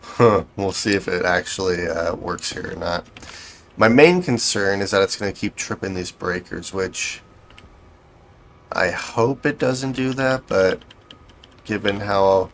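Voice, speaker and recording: A man's voice: deep voice, a little slow, a bit bright, a little hiss or hum. A man giving casual gameplay commentary, thinking aloud as he builds, with a dry, self-correcting, sarcastic manner. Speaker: game streamer.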